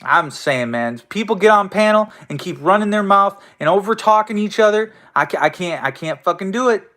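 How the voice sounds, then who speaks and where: A man with a noticeably high-pitched voice rants at his listeners as host of his own show. He swears constantly, talks in a confrontational tone and keeps stumbling into restarts. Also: expressive, moderate pace, pushed and bright. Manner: profane, confrontational, stammering restarts. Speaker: host of an online audio room show. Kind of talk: angry ranting monologue.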